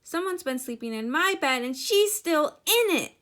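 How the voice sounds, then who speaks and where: A woman voicing a small, upset boy bear cub with a squeaky, high, loud voice in a storybook reading. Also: animated, moderate pace.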